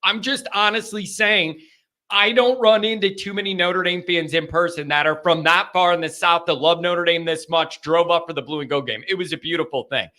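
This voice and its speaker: A man hosting a live sports call-in stream, rambling and animated. His voice sits a little high, with a bright, forceful edge, and he keeps circling back to the same phrases. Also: moderate pace. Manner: animated, rambling, repeats himself.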